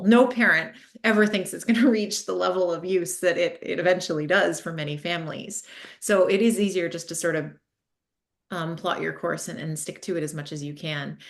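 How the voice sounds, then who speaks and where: Low-voiced thoughtful woman author. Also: fairly even intonation, vocal fry. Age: adult parent. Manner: thoughtful, measured, with many ums. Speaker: author guest. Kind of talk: casual interview answers.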